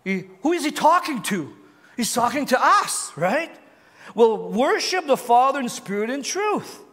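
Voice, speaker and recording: A preaching man with a notably high voice, delivering a sermon with lively, searching questions to his congregation. His words ring out with a long reverb, as in a large hall or church. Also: a little slow. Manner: animated preaching, asks the crowd questions, repeats words. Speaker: pastor.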